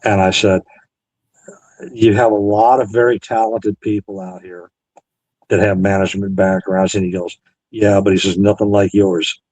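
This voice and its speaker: Earnest veteran man, lowish voice, dry close sound, relays old conversations line by line. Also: level tone, moderate pace, a little mellow, no echo, poor audio. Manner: retells conversations, quoting both sides. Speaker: Navy veteran guest. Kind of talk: storytelling interview.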